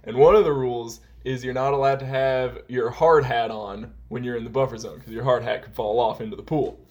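A young man rambles through a work anecdote on a casual podcast, piling on fillers as he goes. His voice sits at an ordinary middle pitch, and he talks like he is chatting with a friend. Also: steady tone, a little fast. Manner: rambling, heavy use of "like" and "um". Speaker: podcast co-host. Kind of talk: casual storytelling chat.

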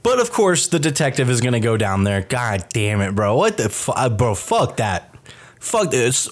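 A man hosting a podcast, retelling a film scene in casual chat, animated and profane. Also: mid-range voice, normal speed. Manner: animated, profane storytelling with many fillers. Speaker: podcast host reviewing a film.

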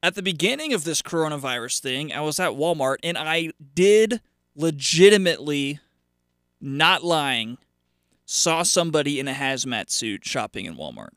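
A man's voice: a little high, very animated, moderate pace, fairly bright tone, smooth, no room sound, studio quality. A man hosting a casual solo radio show, rambling and sarcastic, with lots of fillers and restarts.

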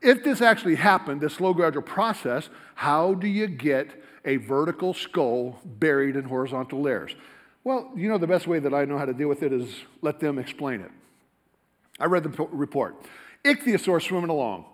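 A man giving a lively, rapid-fire, joking talk to a live audience in a lecture hall. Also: on the high side. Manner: rapid-fire, animated, jokey, talks to the crowd. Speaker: creationist speaker.

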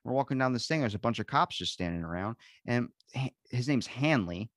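A man's voice: medium pitch, expressive, a little fast, dry recording, studio quality. A man hosting a podcast, telling rambling stories in casual chat, swearing a lot and acting out quotes. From grew up in a beach town. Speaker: podcast host.

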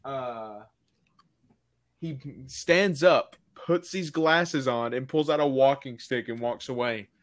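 A young man in casual podcast chat, telling a story in a laid-back, deadpan way and ending on a crude punchline. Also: medium pitch, slow. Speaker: podcast co-host.

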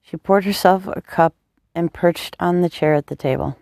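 An audiobook narrator with a fairly low, mellow, dark, gravelly voice tells a story calmly and at a measured pace. The recording is dry and close, with no echo.

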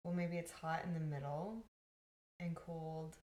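Podcast co-host, woman, lowish voice, playful teaser, roomy sound. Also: fairly even intonation, measured pace, darkish tone. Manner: playful, teasing. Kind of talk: casual chat.

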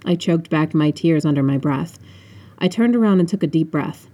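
A woman's voice: low-pitched, lively intonation, normal speed, mellow. Woman narrating her own audiobook. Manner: casual narration with offhand asides. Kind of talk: unedited first-person audiobook narration.

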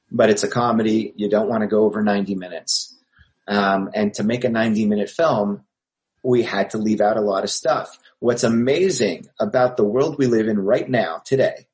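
Low-voiced man from Montreal, rambling. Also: a little mellow, rough recording. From Montreal, Canada. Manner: rambling storyteller with many fillers. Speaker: actor and filmmaker guest. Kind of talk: interview anecdote.

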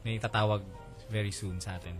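A man's voice: lowish voice, fairly even intonation, fast talker. Filipino man, radio DJ, loose banter, music bed audible. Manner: chatty, mixes English and Tagalog.

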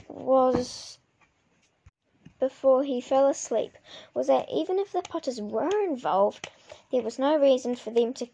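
Woman reading a book aloud, mellow and gravelly, stumbles and restarts. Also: sits high, slight background noise. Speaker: reader.

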